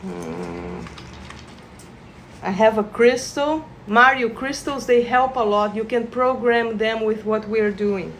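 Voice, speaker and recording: A woman leading a live energy-healing session, guiding listeners with gentle instructions and sudden bursts of excited laughter. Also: on the high side, measured pace, few pauses, noisy background. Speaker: reiki practitioner. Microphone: phone livestream.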